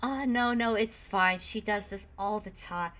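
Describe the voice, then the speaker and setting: A woman voicing a soft-hearted middle-aged man who coos over a child. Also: medium pitch, measured pace, heavy background noise, pitched above the performer's own voice, natural voice. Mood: doting. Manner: doting, cooing.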